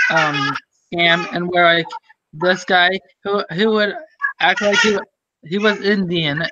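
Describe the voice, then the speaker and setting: A young man in casual group voice chat, rambling and halting, full of fillers and restarts. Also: high voice, background noise. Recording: dull lo-fi voice chat audio.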